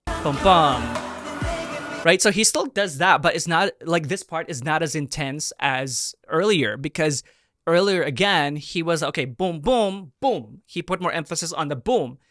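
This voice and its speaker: A young man hosting a reaction video, excitable and gushing, breaking into bursts of shouting and laughter as he breaks down a dance performance. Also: fairly high pitch, normal speed, no room sound, faint music behind. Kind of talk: animated reaction commentary.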